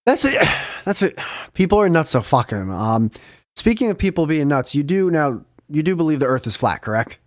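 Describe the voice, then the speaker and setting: A man hosting a podcast, chatting in a loose, animated way with plenty of swearing and laughter. His voice sits a little high for a man, and the sound is close and dry. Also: normal speed, no echo. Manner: animated, profane, laughs often. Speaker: podcast host. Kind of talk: casual storytelling chat.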